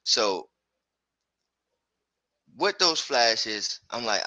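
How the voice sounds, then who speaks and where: A man hosting a sports podcast, talking loosely and excitedly with slang and fillers. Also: fairly low pitch, unhurried, no echo, rough recording. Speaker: podcast host. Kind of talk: casual sports chat.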